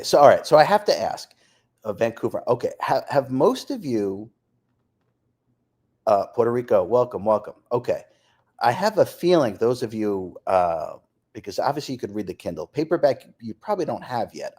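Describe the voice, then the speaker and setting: Guy on a livestream reading out where everyone's from, pitch jumping all over, laughs a lot. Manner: lively, reads off places and names, laughs often. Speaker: author hosting a live stream. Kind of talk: casual live-stream chat reading out viewer comments.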